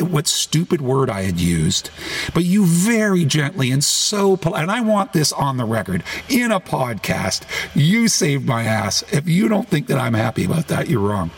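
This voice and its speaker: A man talking as a guest author on a podcast, rambling, correcting himself mid-sentence and getting animated. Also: mid-range voice, creaky, slightly rough. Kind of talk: podcast conversation.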